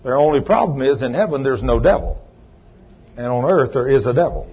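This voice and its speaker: A man's voice: medium pitch, animated, a little fast, slightly rough, dull audio. A man preaching a sermon, folksy and chatty, calling on members of the congregation by name. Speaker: pastor. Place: church.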